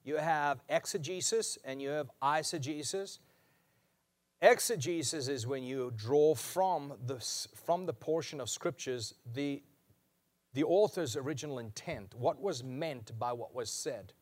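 Emphatic man preaching a sermon. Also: fairly high pitch. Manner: emphatic preaching, slowing and repeating key lines. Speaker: pastor.

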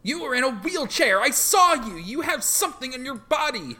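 A player voicing a young woman who is panicked and accusing, with a lively, bright voice. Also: high voice, moderate pace, heavily acted. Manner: urgent, accusing. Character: young woman, frantic and suspicious.

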